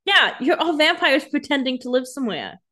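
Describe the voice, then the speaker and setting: A woman's voice: sits high, big pitch swings, fairly quick, pushed and bright. A young woman co-hosting a podcast, chatting casually and adding wry, jokey asides. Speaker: podcast co-host. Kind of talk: casual chat.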